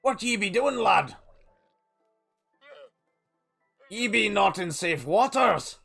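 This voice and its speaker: A male streamer voicing a gruff, boisterous pirate captain while playing a game, with faint music behind. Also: lowish voice, animated, unhurried, full character voice. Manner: growly pirate talk with shouted "yar" calls. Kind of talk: live gameplay stream.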